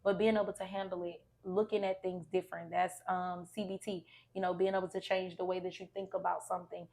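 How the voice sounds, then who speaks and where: Woman counselor, gravelly voice, encouraging conversational advice. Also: on the low side, flat delivery, fast, darkish tone. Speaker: licensed counselor guest. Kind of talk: casual podcast advice.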